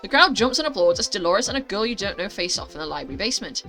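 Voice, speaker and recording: A woman's voice: medium pitch, very animated, quick pace, pushed and bright, soft background music. A woman playing through a mobile story game, reading it aloud with chatty asides. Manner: chatty, self-aware asides. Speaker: gaming youtuber.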